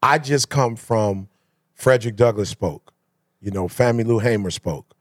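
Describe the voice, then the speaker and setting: A man's voice: on the low side, unhurried, dry recording, studio quality. A man hosting a casual conversation, asking reflective questions. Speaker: host.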